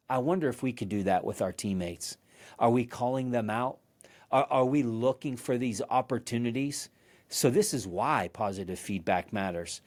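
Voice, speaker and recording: A man hosting a podcast, giving a motivational leadership talk in an earnest storytelling manner, often restarting and repeating words. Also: medium pitch. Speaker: podcast host.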